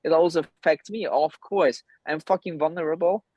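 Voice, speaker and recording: A man's voice: fairly high pitch, normal speed, dry recording. Blunt man, dull dry call audio. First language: German. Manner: blunt, swears freely, rambling and animated. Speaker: guest, men's coach. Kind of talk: casual interview on a call. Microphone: video call.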